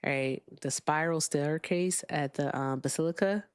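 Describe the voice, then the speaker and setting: A woman's voice: sits low, a little slow, clear, resonant tone, dry recording, clean studio sound. A woman hosting a casual livestream chat, chatty and playful with jokey asides. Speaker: host.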